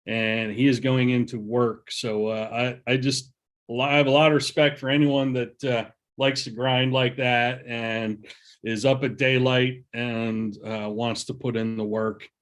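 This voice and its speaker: A man hosting a relaxed business interview. He talks in loose, conversational asides and often quotes sayings. His voice sits at an ordinary pitch. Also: unhurried. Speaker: podcast host. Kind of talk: casual interview.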